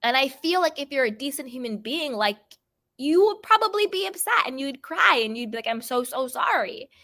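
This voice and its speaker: A woman's voice: high voice, animated, fairly quick, pushed and bright. A woman hosting her own channel, giving chatty, emphatic commentary on reality TV gossip and repeating phrases for stress. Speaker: host of a pop culture channel.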